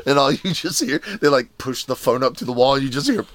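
An animated man spins a story in casual talk, his pitch leaping up and down. He laughs often and breaks into the voices of the people he describes. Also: a little fast, few pauses, no room sound. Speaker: podcast co-host telling a story. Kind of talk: casual chat.

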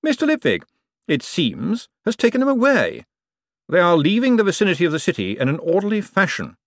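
A man voicing a calm, sardonic male ruler in an audiobook, cool, measured and drily amused. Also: high voice, no echo, clean studio sound, voice pushed up, exaggerated voice. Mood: smooth.

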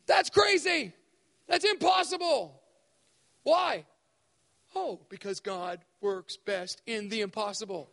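A man preaching a sermon at a spiritual event, animated and acting out voices to make his points. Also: high-pitched, slow, gravelly, pauses often, long reverb tail. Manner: animated, acts out voices for effect. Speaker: speaker at spiritual emphasis days.

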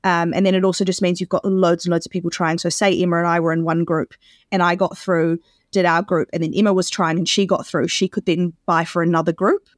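A woman's voice: fairly low pitch, level tone, a little fast, no room sound, studio quality. A woman co-hosting a podcast in casual chat, explaining things at length and laughing often. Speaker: podcast co-host.

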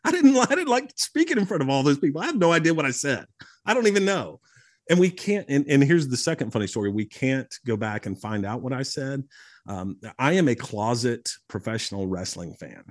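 Animated storytelling man in his forties. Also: mid-range voice, brisk, no room sound, studio quality. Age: 40s. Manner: animated storyteller, frequent restarts, laughs easily. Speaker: podcast guest, public speaker. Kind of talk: casual storytelling conversation. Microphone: podcast studio microphone.

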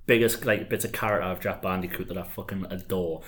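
A man's voice: sits low, fairly even intonation, quick pace, fairly bright tone. A man co-hosting a podcast, jokey and sweary. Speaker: podcast co-host. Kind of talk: casual chat about wrestling.

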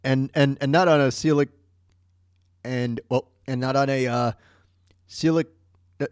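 A man's voice: mid-range voice, measured pace, long pauses, heavy background noise. A man hosting a podcast, joking along over a narrated story, stammering and restarting as he riffs. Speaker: podcast host. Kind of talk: casual commentary.

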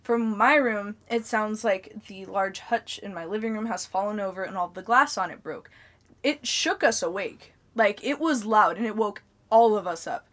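A young woman co-hosts a casual podcast and drifts through her stories, dropping "like" into nearly every sentence. Her pitch sits at an ordinary middle height for a woman. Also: moderate pace, a bit bright. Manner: rambling storyteller, heavy on filler "like". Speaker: podcast co-host.

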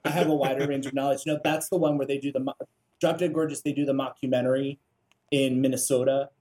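A man co-hosting a podcast, relaxed and self-deprecating as he tells a story in casual chat. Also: medium pitch, fast talker. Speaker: podcast co-host.

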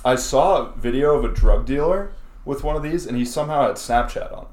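A young man talks in a loose, laughing way, swearing as he tells his stories as a podcast guest. His voice sits at an ordinary pitch and carries a noticeable room echo. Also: fairly quick. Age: 20s. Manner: laughing, swearing, animated storytelling. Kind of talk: casual chat. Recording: roomy echo.

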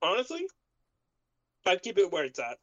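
A man co-hosting a casual podcast, easygoing and quick to laugh, talking while he eats dinner. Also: high-pitched, wildly swooping pitch, fairly bright tone, dry recording, highs cut off. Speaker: podcast co-host. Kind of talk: casual chat.

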